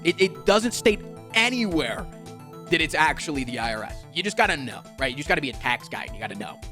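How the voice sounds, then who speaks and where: Fired-up male streamer, lively swinging pitch, bright voice, soft music under. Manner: exasperated, swearing, mocking voices. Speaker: streamer telling a story. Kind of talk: animated storytime rant.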